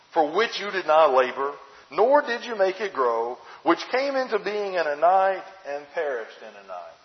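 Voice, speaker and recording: A man preaching a sermon in a conversational, expressive way, asking his listeners rhetorical questions. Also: a little high. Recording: muffled, echoey hall sound.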